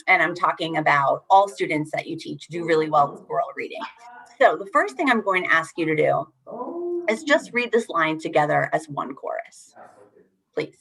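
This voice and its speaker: A young adult woman with a voice on the low side runs an online teacher workshop over a video call. She is encouraging and animated, rereading lines with emphasis.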